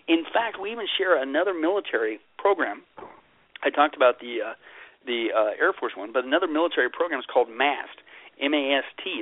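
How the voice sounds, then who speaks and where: A man's voice: fairly high pitch, no room sound, phone-quality sound. A pastor being interviewed as a guest, telling stories in an emphatic, joking way and repeating his punchlines. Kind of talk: animated interview storytelling.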